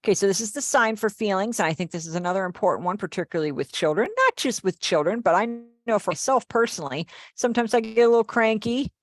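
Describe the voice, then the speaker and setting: A woman's voice: medium pitch, fast talker, hardly any pauses, no room sound, studio quality. A middle-aged woman teaching a live online class, explaining patiently and checking in with her students. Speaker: sign language teacher.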